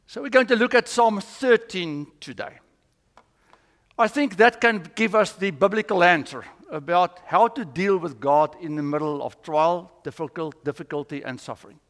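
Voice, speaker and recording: Man, pastor, sermon, earnest storytelling, high voice, long church reverb. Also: unhurried, a bit bright. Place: church sanctuary.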